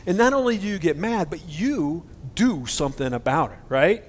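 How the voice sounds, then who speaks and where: A man's voice: on the high side, very animated, moderate pace. A man preaching a conversational sermon, earnest and indignant, speaking to his listeners directly. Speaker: pastor.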